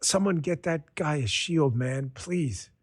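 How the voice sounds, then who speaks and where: A man with a high voice hosts a political commentary podcast from a studio mic. His delivery is sarcastic and excitable, a rant that keeps tipping into laughter. The sound is dry and close, with no room in it. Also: slow pace, no echo. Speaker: podcast host.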